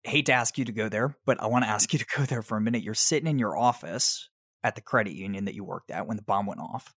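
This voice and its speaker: A man's voice: fairly low pitch, fast, a bit bright, breathy edge, no room sound, clean studio sound. A man hosting a podcast interview, asking friendly, engaged questions. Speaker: podcast host. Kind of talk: conversational interview.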